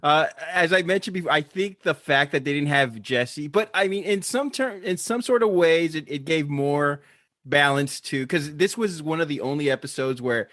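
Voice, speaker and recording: Slightly high-voiced man hosting a podcast. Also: moderate pace, a bit bright, no echo, studio quality. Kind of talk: casual chat.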